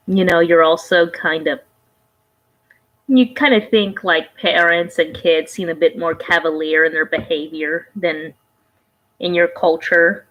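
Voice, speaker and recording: A woman's voice: lowish voice, a bit bright, poor audio. A woman vlogger giving casual reaction commentary, rambling and conversational, often trailing off and restarting her thoughts.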